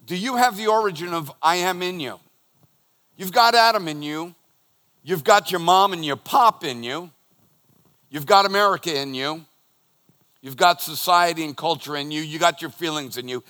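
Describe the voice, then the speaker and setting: A middle-aged man, a pastor, preaching a sermon with lots of energy, swinging between loud emphasis and quiet storytelling. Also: a little high, moderate pace, pauses often. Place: church auditorium. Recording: long hall reverb.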